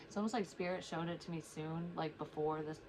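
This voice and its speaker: A woman's voice: low-pitched, fairly even intonation, brisk, a crowd in the background, poor audio. A woman, a psychic medium, talking to her viewers in a rambling, blunt, heavily profane casual monologue, sometimes close to tears. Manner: emotional, near tears at times.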